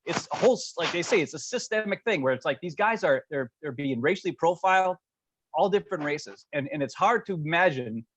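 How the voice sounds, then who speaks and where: A man's voice: a little high, animated, a bit bright, no room sound. A man co-hosting a casual podcast chat, passionate and easily fired up. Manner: fired-up, passionate, talks fast. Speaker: podcast co-host.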